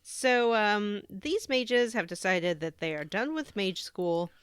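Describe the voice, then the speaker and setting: A woman's voice: medium pitch, slow pace, clean tone, no room sound. A woman co-hosting a casual gaming podcast, recapping the story and acting out the characters as she goes. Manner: animated storyteller who acts out characters. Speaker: podcast co-host.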